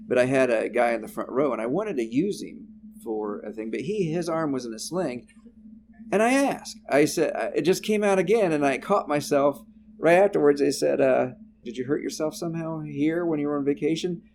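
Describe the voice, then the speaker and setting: A man hosting a podcast, telling stage stories in casual chat and laughing loudly at his guest. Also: on the high side, animated, normal speed, gravelly, slight background noise. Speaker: podcast host.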